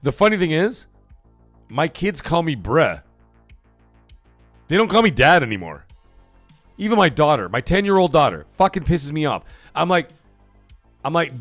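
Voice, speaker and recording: A middle-aged man hosting a live stream in loose, profane, rambling chat that breaks into bursts of shouting. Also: medium pitch, big pitch swings, fairly quick, no room sound, faint music behind. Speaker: livestream host.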